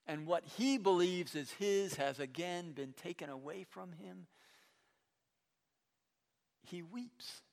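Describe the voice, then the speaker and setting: A man preaching a sermon, retelling a Bible story in a conversational way, with stammered restarts and animated quoting. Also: high-pitched, long reverb tail.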